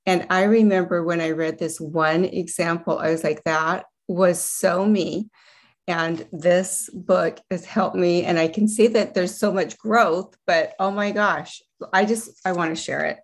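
A woman's voice: fairly low pitch, fairly even intonation, measured pace. A middle-aged woman, a guest coach, talking earnestly and emphatically about a book and reading passages from it aloud with feeling. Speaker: guest, project director and coach. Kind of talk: casual talk with read passages.

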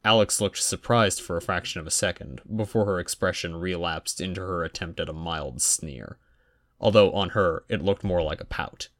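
Low-voiced man narrating a story. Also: moderate pace. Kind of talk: fan fiction audiobook narration.

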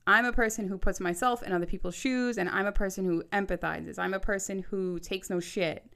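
A woman in her thirties giving casual advice straight to her audience, talking quickly in bursts and often checking in with "okay?". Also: medium pitch, fairly even intonation, creaky, fairly bright tone, clear, resonant tone. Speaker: vlogger. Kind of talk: casual advice monologue to camera.

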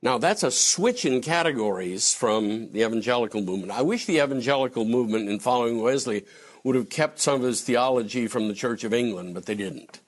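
A man's voice: mid-range voice, brisk. A man lecturing on theology in a conversational, digressive way, answering a question from the floor. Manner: digressive, animated, breaks into acted quotes.

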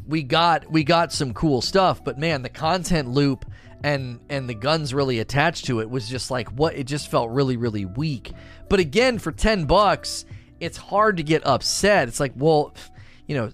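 A man giving casual video game commentary and answering viewer questions, talking in a rambling way with many restarts and asides. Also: mid-range voice. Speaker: gaming content creator.

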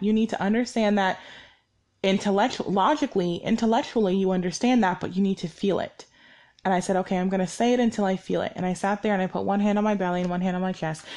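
A woman's voice: mid-range voice, a little mellow. A young woman hosting her own podcast, talking candidly and reflectively about her week. She rambles, corrects herself often, and says she is short on sleep. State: sleep-deprived. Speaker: podcast host. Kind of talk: personal reflective monologue.

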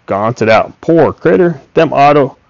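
Man putting on a chatty old country horse trader, coaxing folksy drawl, raised pitch, gravelly edge. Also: animated, a little slow, no room sound. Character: wheedling talkative old male farmer and horse trader. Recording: dull, dry recording.

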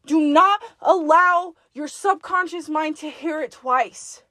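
A woman with a high voice delivers a forceful, profane pep talk to herself, speaking in the second person. She is blunt and insistent. The recording is dry and close. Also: slow pace, dry recording. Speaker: podcast host. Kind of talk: self-directed pep talk monologue.

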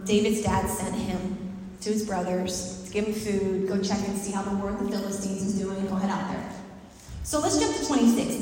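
A woman preaching a lively sermon to a congregation, talking conversationally and asking them questions. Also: fairly high pitch. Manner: animated, conversational, asks the audience questions. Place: church hall with a live congregation. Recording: echoey hall, mic far off.

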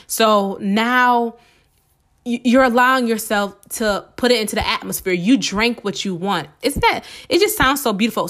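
Woman podcast host, excited and quick, repeats herself, slightly sore throat, mid-pitched voice. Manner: fast-talking, excited, repeats steps. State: a little under the weather, slight sore throat. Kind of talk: casual motivational podcast talk.

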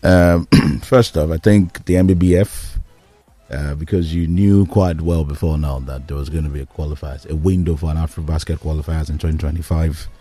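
A man on a sports talk panel, giving measured, assertive analysis. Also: rumbling low, steady tone, dark tone, no room sound, faint music behind. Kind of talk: casual chat, analysis.

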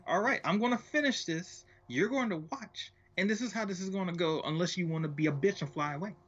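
An irritated man, caught in a private moment, talks back with slow, sarcastic defiance and a raised pitch, as a man puts him on. The sound is a bit dull and lo-fi. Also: a bit bright. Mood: defiant.

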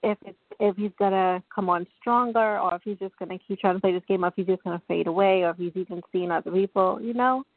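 A woman's voice: mid-range voice, fairly even intonation, fast, few pauses. A woman calling into a reading show, rambling and hesitant as she talks through her feelings. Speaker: caller. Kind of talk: phone call to a reading show. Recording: dry tinny phone line.

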